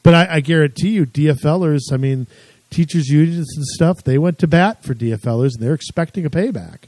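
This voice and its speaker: A man's voice: on the high side, fairly quick, a little mellow, no room sound, low-quality recording. A married man co-hosting a casual political talk show, chatty and rambling, often amused. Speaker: co-host.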